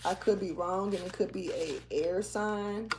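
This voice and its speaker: Pacing around indoors, a tarot reader with an ordinary mid-range voice rambles through a casual reading in slangy, loose fashion, now and then falling into a half-rapped rhythm. Her pace is measured, the background is noisy, and she sometimes drifts away from the camera mic as she moves.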